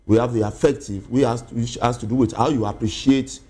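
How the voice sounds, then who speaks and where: A man, an educationist guest on a TV interview, explaining slowly with many pauses and fillers. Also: medium pitch, steady tone, dark tone, husky. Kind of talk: TV studio interview.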